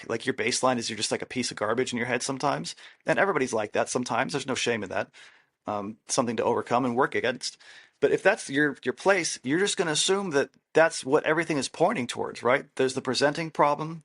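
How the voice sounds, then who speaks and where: Guy therapist on a podcast, emphatic, keeps hammering the rules, mid-pitched. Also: a bit bright. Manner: emphatic, repeats key rules, acts out quoted lines. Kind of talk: casual advice chat.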